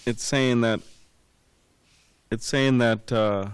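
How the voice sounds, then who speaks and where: A man's voice: medium pitch, steady tone, slow, smooth, dry recording. A man giving a scripture class, rambling and repeating words with many fillers, telling anecdotes. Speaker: class speaker.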